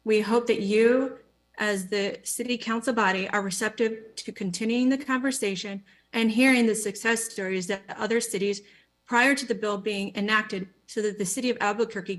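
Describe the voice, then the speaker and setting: A woman reading a prepared public comment for a business at a council meeting, measured and formal. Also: mid-range voice, fairly bright tone.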